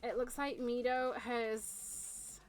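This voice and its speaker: A woman's voice: fairly high pitch, little pitch movement, extremely slow, soft background music. A British woman hosting a casual live stream, chatty, swearing and laughing often. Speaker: streamer host. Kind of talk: casual chat.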